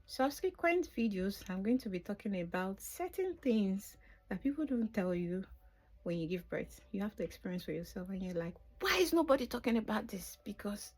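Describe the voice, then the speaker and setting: An animated, mid-range voice with a darkish tone carries a middle-aged woman's improvised vlog account of her birth experience at a moderate pace. She gets emotional and lowers her voice to a whisper at the tenderest parts.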